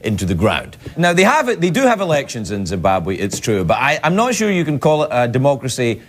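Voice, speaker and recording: The late-night host is a middle-aged man from Scotland whose comedic monologue is playful, meandering, and full of self-interruptions, performed in a television studio with a live audience. His mid-range voice moves fairly quickly and swings hugely in pitch.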